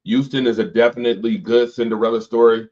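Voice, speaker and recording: A man's voice: mid-range voice, fairly even intonation, fast talker, darkish tone. A man hosting a late-night sports talk stream, joking loosely and reading viewer comments aloud. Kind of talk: casual chat with viewers. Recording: dull lo-fi stream audio.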